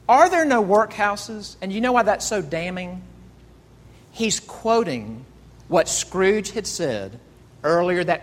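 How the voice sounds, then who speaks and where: Earnest preacher with long hall reverb. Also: male voice, on the high side. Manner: earnest, rhetorical questions, repeats words. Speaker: pastor. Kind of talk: sermon.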